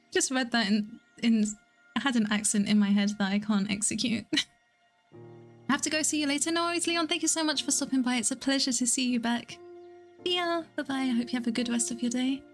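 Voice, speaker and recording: A young woman hosts a relaxed livestream from home. She keeps up a chatty back-and-forth, reading viewers' messages out and answering them with quick giggles. Her voice sits slightly high, with quiet music playing in the background. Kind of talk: casual livestream chat.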